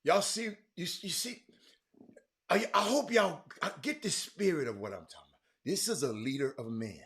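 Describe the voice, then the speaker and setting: A man hosting a sports talk show, speaking emphatically, swinging between loud outbursts and low asides. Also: animated, moderate pace. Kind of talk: animated sports talk commentary.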